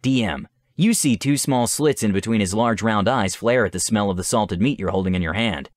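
A man narrating a tabletop adventure as game master, with measured, descriptive storytelling. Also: on the low side, no room sound, clean studio sound.

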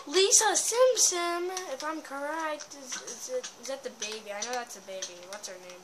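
Woman narrating her game, drawn-out slow talk, yells a lot, noisy background hiss. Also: high voice. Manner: excitable, bursts into yelling. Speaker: gameplay commentator. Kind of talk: casual gameplay commentary.

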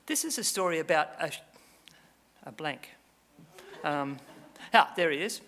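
Male lecturer spinning a story, slightly high voice, voices his characters with bold pitch swings. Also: lively intonation, unhurried, gravelly, pushed and bright, a little hiss or hum. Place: lecture hall.

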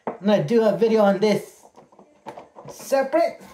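A man chatting casually to camera while unboxing birthday presents, excitable and folksy, repeating his words. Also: sits high, moderate pace. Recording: echoey room with faint noise.

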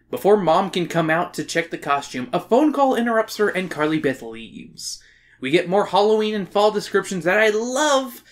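Podcast host: woman, animated swinging delivery, jokey profane book recap. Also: low voice. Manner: animated, swearing, joking recap. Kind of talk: casual chat, summarizing a book.

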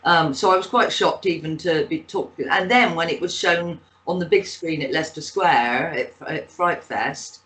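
A woman's voice: low voice, normal speed, hardly any pauses, a bit bright, rough recording. Chatty woman with a Bristol accent. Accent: Bristol English. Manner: rambling anecdotal storytelling with frequent fillers. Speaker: guest, actress and author. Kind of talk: casual interview chat.

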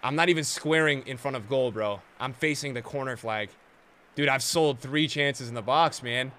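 A young streamer plays a football video game and chats with viewers in casual, slangy commentary, going from low muttering to excited shouting. He speaks at a normal speed.

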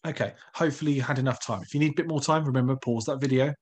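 A male primary school teacher gives a recorded online lesson, asking his pupils questions in a patient, encouraging way. His mid-range voice is slightly rough and moves very fast.

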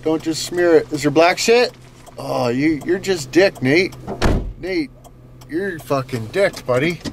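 A man hosting a vlog from inside a moving vehicle, crude and profane, keeping up a loud running commentary. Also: fairly high pitch, slow pace. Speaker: vlog host. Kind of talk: rowdy casual chat while driving. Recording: loud vehicle road noise. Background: engine and road noise.

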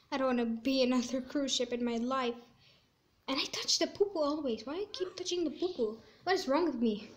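A woman giving chatty gameplay commentary, squeamish and quick to exclaim in disgust. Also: high-pitched, slight background noise. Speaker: gaming video creator.

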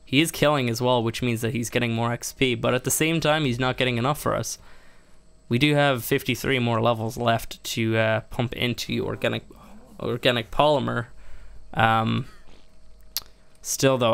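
A man doing let's-play commentary in a gravelly, mid-pitched voice. He talks himself through every move of his survival game, his voice leaping up high whenever things go wrong. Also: steady tone, moderate pace, a bit bright. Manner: exasperated, self-narrating, laughing at mishaps; jumps much higher in pitch when upset. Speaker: gaming YouTuber.

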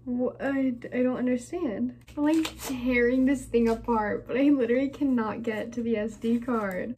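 A young woman chatting excitedly in a home vlog, gushing and giggly, filmed on a phone. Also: on the high side, moderate pace, few pauses, a little hiss or hum. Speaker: vlogger. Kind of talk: casual vlog chat. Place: home room at night. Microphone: phone camera.

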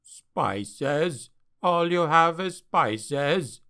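A man's voice: a little high, animated, very slow, bright, forceful tone, exaggerated voice. A man voicing a bitter, weary male dwarf harbor master who grumbles his complaints, for an audiobook.

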